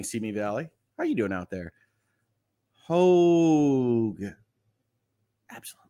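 A man's voice: medium pitch, a bit bright. Chatty man hosting a morning livestream. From Michigan. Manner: chatty, reads viewer comments aloud with quips. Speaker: livestream host. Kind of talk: casual morning livestream chat.

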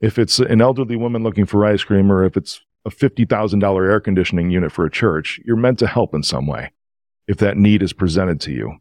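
A man with a somewhat low voice tells stories as a podcast guest, earnest and openly emotional. He sounds animated. The recording is dry and close, with no room sound. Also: fast, hardly any pauses, dry recording. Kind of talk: casual storytelling.

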